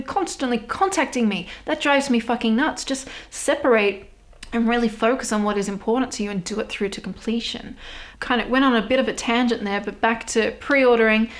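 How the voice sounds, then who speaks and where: Laughing, sweary Australian woman. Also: a little high. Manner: candid and sweary, laughs often. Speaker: podcast host. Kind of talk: casual solo podcast chat.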